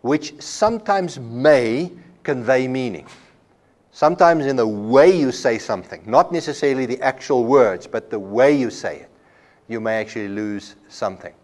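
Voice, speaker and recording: A man's voice: medium pitch, normal speed, darkish tone. A man giving a classroom lecture at a Bible college, explaining with everyday examples and often repeating a word as he restarts. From South Africa.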